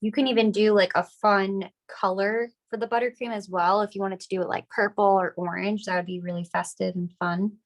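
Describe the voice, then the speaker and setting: Woman with a cold, gravelly voice. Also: mid-range voice, moderate pace, hardly any pauses. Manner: relaxed, chatty, upbeat. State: getting over a cold, coughing. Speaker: craft class instructor. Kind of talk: casual step-by-step demonstration.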